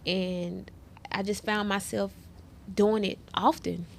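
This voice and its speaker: A woman's voice: mid-range voice, fairly even intonation, takes it slowly, creaky. Heartfelt woman telling her story. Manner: earnest and heartfelt, talks straight to listeners. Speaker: interview guest. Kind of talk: emotional personal story in an interview.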